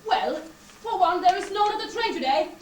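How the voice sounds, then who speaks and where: A woman's voice: very high-pitched, expressive, fairly quick, slight background noise. A woman playing a stubborn, bureaucratic talking door on stage, heard from far off in an echoey hall. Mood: dismissive. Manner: blunt, dismissive, bureaucratic. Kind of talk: stage acting. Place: theatre stage.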